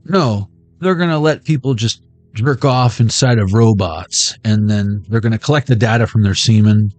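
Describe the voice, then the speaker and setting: A man's voice: medium pitch, a little mellow, no echo. A man giving a rambling, playful pick-a-card tarot reading, riffing from joke to joke. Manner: playful, riffing, jumps between jokes and impressions.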